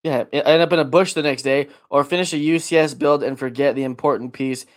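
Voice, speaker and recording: A man's voice: medium pitch, fairly quick. A man co-hosting a casual podcast, reading listener questions and bantering playfully. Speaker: podcast co-host. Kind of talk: casual chat.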